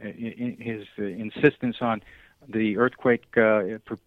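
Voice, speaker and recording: A man being interviewed over the phone, talking earnestly and haltingly, with many fillers and restarts. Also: fairly low pitch, little pitch movement, no room sound. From Southern California. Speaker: guest. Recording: dry, tinny phone line.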